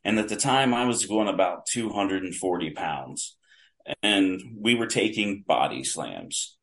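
A podcast guest and longtime wrestling fan tells casual, vivid stories in a low, expressive, slightly bright voice, speaking a little slowly. His detailed anecdotes are full of restarted sentences.

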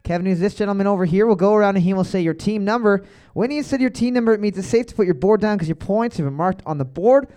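A man hosting a live comedy trivia night in a bar, reading questions and cracking deadpan absurd jokes. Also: sits high, fast, smooth. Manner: joking, deadpan absurd asides, quiz-reading cadence.

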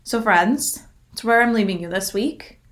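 A woman's voice: medium pitch, normal speed, fairly bright tone. A young adult woman hosting a casual motivational solo podcast. She talks in a chatty, upbeat and encouraging way, with frequent fillers and the odd swear word. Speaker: podcast host.

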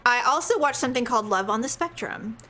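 Middle-aged woman w a high sharp voice, wry little jokes, chatty. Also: expressive. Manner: quick joking asides, wry complaining. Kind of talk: casual chat.

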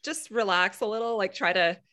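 Casting: woman, bright tone, candid guest, laughs easily. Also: medium pitch, a little fast. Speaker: podcast guest. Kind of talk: casual chat.

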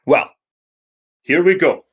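A man with a Geordie accent hosting a comic podcast, joking around with lively, excitable banter. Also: on the high side, slow, breathy edge, lo-fi sound. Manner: lively, jokey, swings into big excited exclamations. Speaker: podcast host.

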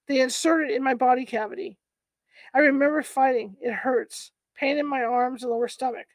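A woman reading the part of a frightened man reliving an alien abduction under hypnosis, halting and fearful. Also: high-pitched, steady tone, no room sound, close to an everyday voice.

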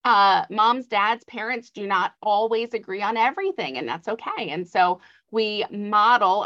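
A woman's voice: medium pitch, animated, unhurried, pushed and bright. A middle-aged woman giving parenting advice in an interview, earnest and explanatory, with light laughs. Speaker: author and adoption guest. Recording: slightly dull lo-fi audio.

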